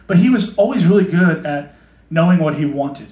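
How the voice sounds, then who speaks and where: A man preaching a casual sermon to a congregation in a hot hall, chatty and animated, acting out quotes in different voices. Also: a little high, fast. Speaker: pastor. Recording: echoey hall.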